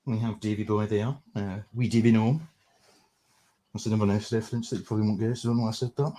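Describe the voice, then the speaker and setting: A man's voice: lowish voice, steady tone, fast talker, dark tone. Sweary Scottish man hosting a livestream. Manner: sweary, sarcastic ranting. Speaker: livestream host. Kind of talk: casual livestream commentary.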